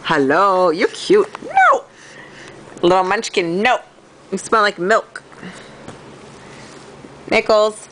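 A woman's voice: mid-range voice, wildly swooping pitch, drawn-out words, pauses often, a bit bright, a little hiss or hum. A mother cooing playful, sing-song baby talk to her baby, recorded at home on a phone camera.

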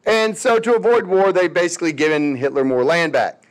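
A man's voice: fairly high pitch, fairly even intonation, a little fast. A male history teacher giving a casual, chatty lecture with jokey, sarcastic asides.

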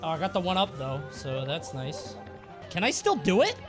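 A male game streamer chatting live over his play in a mid-pitched voice, swearing and joking. His delivery is animated, rising and falling freely, with faint music underneath. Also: moderate pace. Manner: playful, sweary, jokey. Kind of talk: live gameplay commentary.

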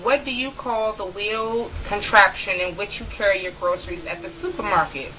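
Chatty woman with a bright voice. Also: medium pitch, moderate pace, a little hiss or hum, rough recording. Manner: chatty, laughs easily, talks to viewers. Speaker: vlogger. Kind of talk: casual vlog, reading a word list aloud. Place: room at home.

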